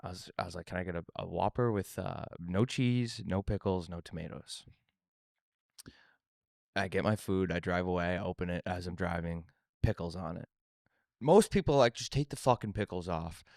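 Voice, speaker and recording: A man with a fairly low voice tells a story on a casual podcast. He is animated and swears freely. The sound is dry and close. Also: normal speed, creaky, no echo. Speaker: podcast co-host.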